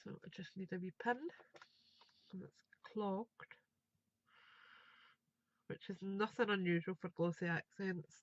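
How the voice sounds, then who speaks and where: A woman's voice: medium pitch, steady tone, measured pace, long pauses, no echo, highs cut off. A woman, chatting and thinking aloud as she demonstrates a craft project live. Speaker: craft tutor.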